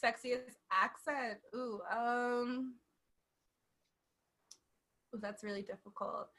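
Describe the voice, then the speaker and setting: A woman's voice: on the high side, fairly even intonation, slow, sharp tone. A woman in casual chat, talking with lots of fillers and frequent giggles.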